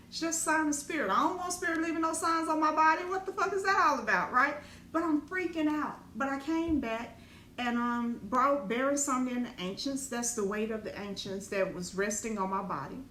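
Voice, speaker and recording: A middle-aged woman, a spiritual teacher, telling a raw personal story in an animated, profane, dramatic way. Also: high-pitched, brisk. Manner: animated, profane, dramatic retelling with colloquial speech. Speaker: spiritual teacher and business owner. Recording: echoey room with faint ambient noise.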